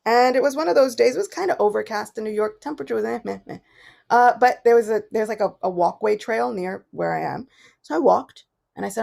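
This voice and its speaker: A woman giving a devotional morning class, telling personal stories with animated swings between soft and loud. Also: medium pitch, brisk, creaky. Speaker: class speaker.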